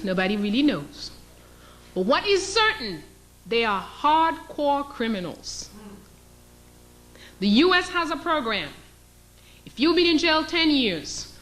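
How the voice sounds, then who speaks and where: A woman's voice: sits high, fairly bright tone. A woman, a historian giving an emphatic, sarcastic lecture and putting questions to her audience. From Haiti. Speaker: historian and teacher.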